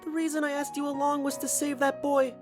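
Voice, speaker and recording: A man voicing a timid, tearful young woman time traveler who speaks softly and apologetically through sniffles, in a dramatic audiobook reading. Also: extremely high pitch, little pitch movement, a little fast, over music, voice pushed up. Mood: tearful, apologetic.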